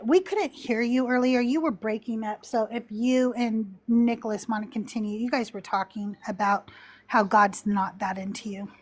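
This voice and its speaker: A woman hosting a podcast debate on a call, animated and quick to interrupt, swearing when heated. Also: fairly high pitch. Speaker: podcast host.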